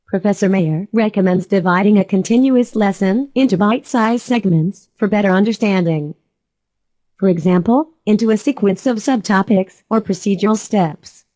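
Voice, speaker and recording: Calm woman narrating a lesson, warm mellow voice. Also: medium pitch, moderate pace, dry recording. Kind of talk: scripted narration.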